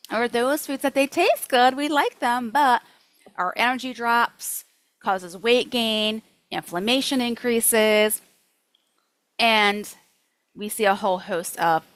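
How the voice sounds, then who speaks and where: A woman nutrition coach teaching a workshop in a lively, chatty way, acting out her own thoughts. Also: fairly high pitch, no room sound, poor audio.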